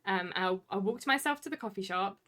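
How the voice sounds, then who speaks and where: Young woman, casual streamer chatter, rambling delivery with lots of fillers, mid-pitched voice. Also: expressive, fast talker, fairly bright tone. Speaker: live streamer. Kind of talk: casual chat with stream viewers.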